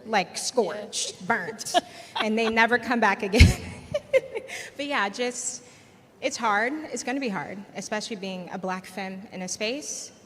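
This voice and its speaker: Woman streamer, lively and emphatic, live panel, reverby hall. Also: mid-range voice, a little slow. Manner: animated, emphatic, encouraging. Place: large event hall. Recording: hall reverb, faint noise.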